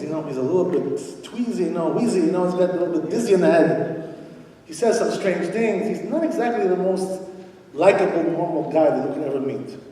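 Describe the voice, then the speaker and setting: A male rabbi with a mellow, higher-leaning voice gives a Torah lecture to a congregation at an evening event in a synagogue hall. He talks conversationally, leaning on "you know" and rhetorical questions, and is recorded from a distance in the echoey hall.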